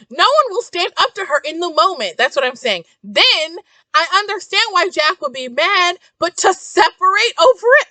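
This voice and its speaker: Very high, lively woman ranting. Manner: animated, profane, exasperated ranting. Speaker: book reviewer. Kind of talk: ranty casual book review.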